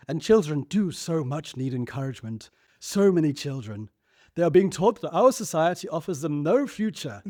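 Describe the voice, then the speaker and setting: Guy doing a posh stern old lady politician, high lofty voice, preachy, drawn out. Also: dark tone, dry recording, studio quality. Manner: grand, preachy, drawn-out emphasis. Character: stern older woman politician making a speech.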